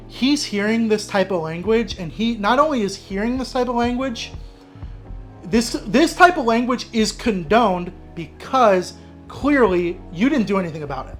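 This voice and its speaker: A man's voice: sits high, lively intonation, moderate pace, soft background music. A man hosting an advice channel, reading an online story aloud and reacting with blunt, exasperated commentary. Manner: exasperated, blunt, breaks into frustrated rants.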